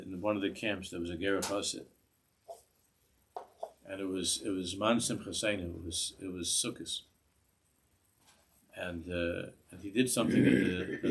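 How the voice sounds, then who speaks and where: A man's voice: sits low, slightly rough. A man, a rabbi giving a class in a synagogue, earnest, restarting phrases and mixing in Hebrew terms. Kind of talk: sermon.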